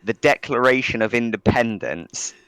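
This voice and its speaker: A man co-hosting a podcast in casual chat, animated, with frequent restarts and swearing. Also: medium pitch, normal speed, clear, resonant tone, no room sound, poor audio. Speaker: podcast co-host.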